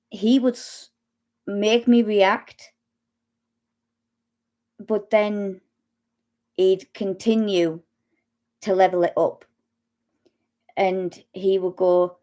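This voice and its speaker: A middle-aged woman speaking slowly and haltingly about her own experience, pausing often and restarting her sentences. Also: medium pitch, a little mellow. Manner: slow, halting, with long pauses and restarts. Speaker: speaker sharing personal experience. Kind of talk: personal testimony talk.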